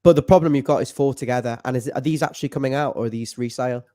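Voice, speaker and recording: A middle-aged man, co-hosting a casual fan show chat in a jokey way, now and then slipping into falsetto singing. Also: rapid-fire, mellow.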